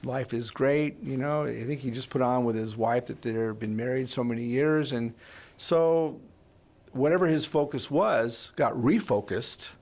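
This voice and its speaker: A man's voice: mid-range voice, unhurried, a little mellow. A man in his sixties, hosting a faith podcast and telling a personal story in a rambling, heartfelt way with frequent restarts. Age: 60s. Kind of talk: conversational podcast interview.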